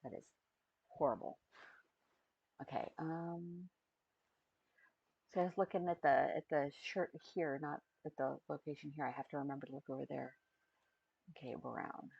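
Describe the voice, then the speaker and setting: A streamer talks unhurriedly through a live avatar-building session, thinking aloud and letting sentences trail off. The voice has a gravelly, husky edge and unhurried pacing. It sits on a muffled, lo-fi stream recording. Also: medium pitch, fairly even intonation, a little mellow, dry recording. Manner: muttering to self, trailing off mid-thought.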